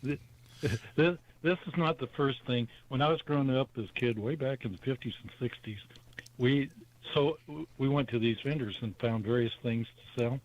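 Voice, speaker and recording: A man's voice: mid-range voice, moderate pace, dull audio. A man in his seventies rings in to a radio show with a mid-range voice. He talks in a chatty, rambling way, drifting from point to point. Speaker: caller. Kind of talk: call-in radio chat.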